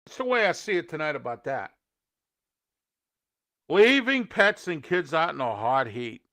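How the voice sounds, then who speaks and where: Male show host from the Pittsburgh area, scolding opinion rants, high-pitched with a sharp edge. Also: sing-song, a little slow. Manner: ranting, indignant, scolding.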